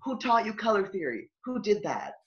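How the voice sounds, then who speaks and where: A man's voice: high voice, big pitch swings, normal speed, fairly bright tone. A man co-hosting a casual movie review chat, ranting animatedly with swearing and bursts of laughter. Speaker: podcast co-host. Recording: dull lo-fi audio.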